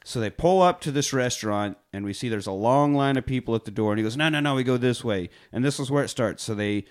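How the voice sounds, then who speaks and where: A man co-hosting a podcast, retelling a film scene with lively, profane energy and acted-out quotes. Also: mid-range voice, fast talker. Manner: animated storyteller, heavy swearing, acts out quotes. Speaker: podcast co-host. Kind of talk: casual film-review chat.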